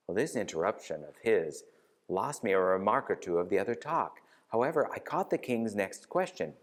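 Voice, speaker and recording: A man leading a novena and reading a novel aloud in a church, in an expressive, unhurried way. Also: low voice. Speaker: parish reader leading a novena. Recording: reverberant church hall.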